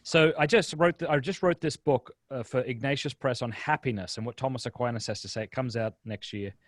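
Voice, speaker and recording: A man, a guest speaker on a video-call webinar, telling stories in a lively, casual way with quick restarts. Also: mid-range voice, no room sound, clean studio sound. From Australia. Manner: lively storyteller, frequent restarts. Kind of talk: casual interview chat.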